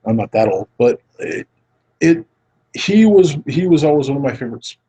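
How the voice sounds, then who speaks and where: A man's voice: mid-range voice, big pitch swings, normal speed, warm tone, husky, poor audio. A man hosting a casual film podcast, rambling and earnest, often restarting his sentences. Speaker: podcast host.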